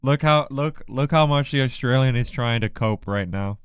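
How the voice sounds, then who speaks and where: Smooth-voiced man joking on a livestream. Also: mid-range voice, normal speed, no echo. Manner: joking, teasing banter. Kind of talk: casual livestream chat.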